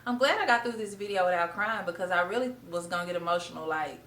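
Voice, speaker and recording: A young woman, once a middle school art teacher, vlogs to camera and shares her story in a warm, chatty, heartfelt way. Her fairly low voice is animated and quick with a slightly bright quality, though the recording is low in quality.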